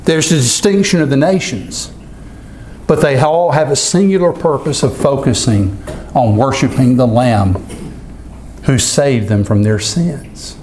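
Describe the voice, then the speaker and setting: A male pastor delivers a sermon at a deliberate pace. He slows down noticeably for scripture readings and gives each phrase weight. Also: medium pitch, darkish tone, slight background noise.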